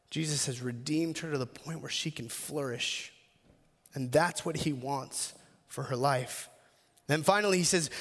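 A male pastor with a high voice delivers an earnest sermon. He often restarts his phrases and slows right down on the words that matter. A long hall reverb trails his voice. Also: fairly bright tone. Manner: earnest preaching with frequent restarts, slowing on key phrases.

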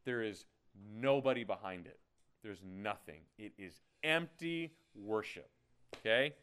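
A man's voice: fairly low pitch, lively intonation, unhurried, fairly bright tone, smooth. A man preaching a sermon in a playful, conversational way, often checking in with "okay?". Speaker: pastor.

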